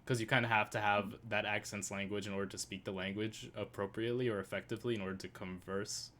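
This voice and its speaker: A man co-hosting a casual review chat, rambling with many restarts and rising into excited rants. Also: on the low side, fast talker, a little hiss or hum. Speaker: podcast co-host.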